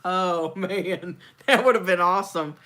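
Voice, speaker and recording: A woman from Texas, chatting as a host. Her voice is bright and lively, and she acts out other people's lines as she tells stories. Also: on the low side, unhurried. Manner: animated storyteller, acts out quotes. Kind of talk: casual chat.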